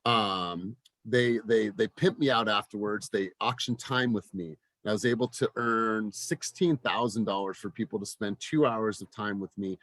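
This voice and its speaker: A man in his forties, a real estate team coach, delivers an energetic motivational talk to his team, frequently repeating words and restarting sentences. His voice is fairly low and his pace moderate, with no echo in the recording.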